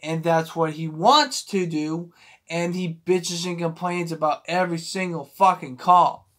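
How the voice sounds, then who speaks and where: A man's voice: on the high side, fairly even intonation, measured pace, a bit bright. A man ranting as a sports fan vlogger, agitated and heavy on swearing, often restarting his sentences when heated. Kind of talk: casual rant to camera.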